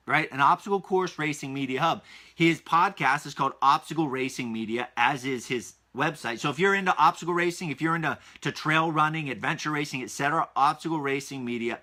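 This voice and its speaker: Energetic, bright-voiced male podcast host. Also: on the high side. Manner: energetic, emphatic, repeats key phrases. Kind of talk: solo podcast recap.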